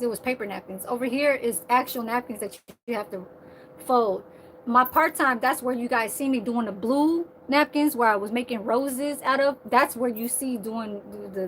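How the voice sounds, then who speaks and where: A woman's voice: fairly high pitch, a bit bright, a little hiss or hum, rough recording. A woman vlogging in a casual, rambling monologue, swearing freely and laughing at her own asides about working as a server. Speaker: server at a senior living community.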